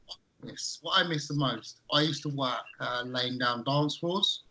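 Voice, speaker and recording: A man's voice: medium pitch, moderate pace, pushed and bright, rough recording. A man co-hosting a casual podcast chat, reminiscing in an easygoing way. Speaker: podcast co-host.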